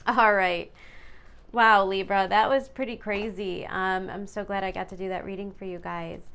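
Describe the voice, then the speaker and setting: A woman's voice: medium pitch, fairly even intonation, moderate pace, a bit bright, clear, resonant tone. A woman giving a casual tarot reading to her viewers, chatty and upbeat, sometimes stumbling over words. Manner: chatty, reads card texts aloud, some stumbles. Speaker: tarot reader.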